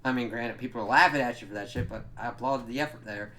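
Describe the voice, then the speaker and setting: A man's voice: medium pitch, quick pace, pushed and bright. A man giving a casual spoken recap of a show, rambling and swearing, with lots of fillers. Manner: rambling, profane, many fillers. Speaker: show reviewer.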